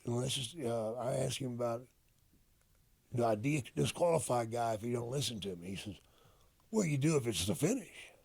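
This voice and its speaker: An older man, a retired wrestler, telling stories in a casual interview, profane and animated as he acts out old conversations. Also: medium pitch, moderate pace. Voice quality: gravelly, husky. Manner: profane, animated storyteller acting out quoted dialogue.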